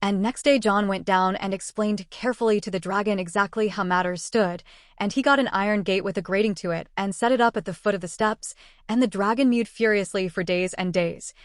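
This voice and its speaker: A woman narrating a storybook in an even, measured way. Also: medium pitch, no room sound, clean studio sound.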